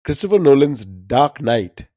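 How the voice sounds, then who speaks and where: A man co-hosting a trivia podcast in casual chat, easygoing and quick to laugh. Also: mid-range voice, sing-song, mellow, no room sound, studio quality. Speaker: podcast co-host.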